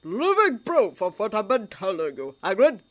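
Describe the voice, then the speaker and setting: A woman voicing an old male headmaster wizard who speaks in a pleasant, measured, dryly humorous way. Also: mid-range voice, huge pitch swings, pitched above the performer's own voice. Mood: wry.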